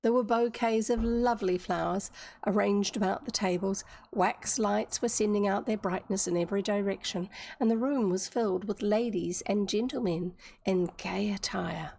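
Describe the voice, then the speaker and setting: A woman with a New Zealand accent reads a classic book aloud on a livestream, pausing to explain words and tossing in chatty asides. Her voice is mid-range, mellow and creaky, at a normal pace.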